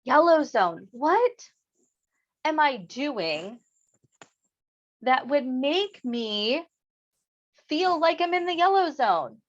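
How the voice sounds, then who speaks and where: A woman's voice: high-pitched, big pitch swings, very slow, pauses often, lo-fi sound. A woman teacher giving a lesson on emotions, acting out feelings expressively for her students.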